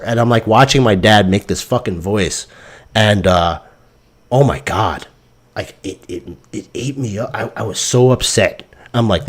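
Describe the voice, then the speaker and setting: A man with a mid-range voice talks at normal speed while hosting a crypto stream. He tells stories in a loose, rambling, profane way, ranting and sounding exasperated as he animatedly spins his tales.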